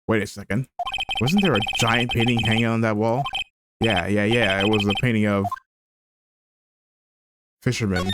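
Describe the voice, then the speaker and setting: A man's voice: lowish voice, normal speed, long pauses, very noisy. A man streaming a game with rambling, joking commentary. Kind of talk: gameplay commentary. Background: game music.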